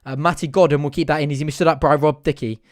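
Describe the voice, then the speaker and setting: A young man calls a match live for fellow fans, chatty and partisan, breaking into excited shouting when chances come. His voice sits a little high, and it sounds dry and close with almost no room around it. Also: racing, dry recording. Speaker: fan watch-along host. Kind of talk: live fan commentary.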